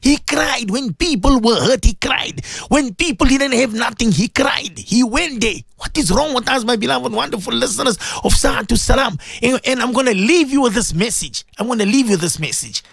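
A man's voice: extremely high pitch, animated, normal speed, creaky, few pauses, a bit bright, breathy edge, dry recording, studio quality. A man presenting a morning radio show, delivering an impassioned sermon-style talk with emphatic repeated phrases.

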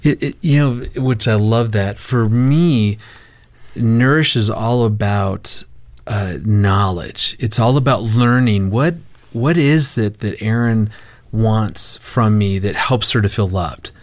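Low-voiced man telling a family story. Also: slow. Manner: lively storyteller who restarts words and acts out quotes. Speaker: marriage counselor. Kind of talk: casual storytelling chat.

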